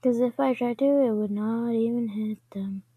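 A woman giving casual commentary over her own gameplay, chatting to herself and often dropping into quiet whispers. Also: a little high, normal speed, breathy edge, dry recording, phone-quality sound.

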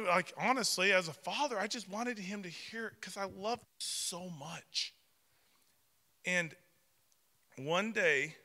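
A man in his thirties, a pastor preaching a sermon and telling family stories in an animated way with playful acted quotes. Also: fairly high pitch, big-room sound.

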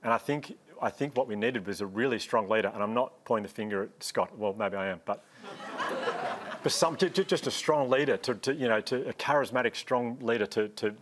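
A man's voice: mid-range voice, brisk, fairly bright tone, slight background noise. An Australian man on a televised panel, telling a story earnestly and rambling with restarts. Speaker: panel guest.

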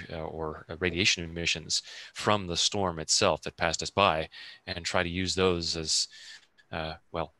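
Male player as a hesitant ship engineer, deep, bright, stumbling. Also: dry recording. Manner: hesitant, full of uhs and restarts. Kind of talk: voicing a character in a tabletop game.

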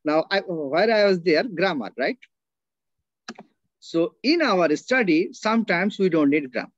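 High-voiced Indian English man teaching. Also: no echo, dull audio. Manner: explains with repeated checking tags like "right?" and "okay?". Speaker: workshop speaker, linguist. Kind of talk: online teacher-training talk. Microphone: video call.

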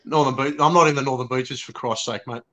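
A man's voice: mid-range voice, steady tone, quick pace, bright, forceful tone. An Australian man guesting on a live show, bantering cheekily and saying "mate" a lot. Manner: cheeky, banter-heavy, says mate often. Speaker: guest, fellow show host. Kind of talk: casual live-stream chat.

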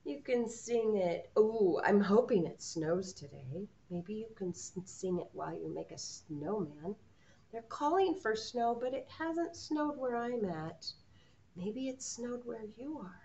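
A woman teaching preschoolers, talking gently and encouragingly to small children and leading a sing-along. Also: medium pitch, animated, measured pace, dull audio, slight background noise.

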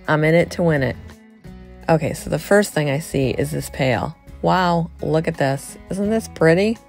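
A middle-aged woman chatting excitedly to viewers as she shops a thrift store, filming on a handheld phone. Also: low-pitched, moderate pace, creaky, faint music behind. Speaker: vlogger. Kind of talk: casual thrift-store vlog chat.

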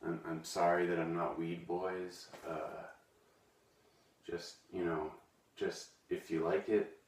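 Brief: male actor as a deadpan, awkward poet-host who talks slowly and sounds distant from the mic. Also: low voice, slight background noise. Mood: awkward rambling. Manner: hesitant, full of ums and restarts. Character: awkward, touchy man reading a bitter poem. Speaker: comedy sketch character, hosts a web video. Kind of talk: deadpan comedic poem reading and rambling monologue. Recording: echoey room, voice from a distance.

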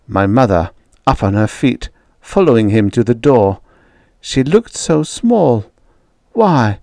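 A man narrating a dark vintage short story in the first person, reading slowly and in a brooding, emotional way. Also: lowish voice, very animated, gravelly, no room sound, studio quality. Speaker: audiobook narrator.

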